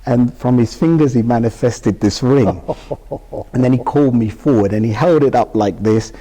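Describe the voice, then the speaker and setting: With a warm, medium-pitched voice at a moderate pace, a man from the United Kingdom tells an emotional personal story during an interview, acting out the conversations as he goes. His voice carries a long reverb tail.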